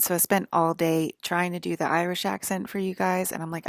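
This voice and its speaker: A woman's voice: on the low side, level tone, a little fast, creaky, few pauses, no room sound, studio quality. A woman from the northern US, talking to her viewers in a casual, rambling monologue full of fillers and restarts. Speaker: online broadcaster.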